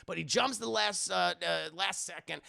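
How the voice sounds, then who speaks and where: A man's voice: sits high, moderate pace, vocal fry, bright, forceful tone. A man reviewer giving a loose, profane, casual recap of an episode and acting out the scenes for his stream chat. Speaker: show reviewer.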